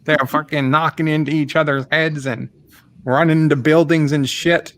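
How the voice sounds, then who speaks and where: A man voicing a brash, crude male caller with a drawn-out, slangy comic delivery on a video chat. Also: a little high, steady tone, a bit bright. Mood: rambling. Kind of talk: comic prank-call bit.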